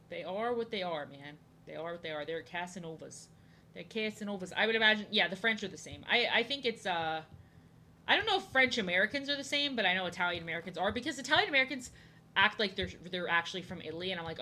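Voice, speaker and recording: A woman's voice: mid-range voice, animated, quick pace, bright, forceful tone, a little hiss or hum. A young woman streaming from home, rambling and joking as she draws, often repeating herself. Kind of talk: casual chat while drawing. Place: home, indoors.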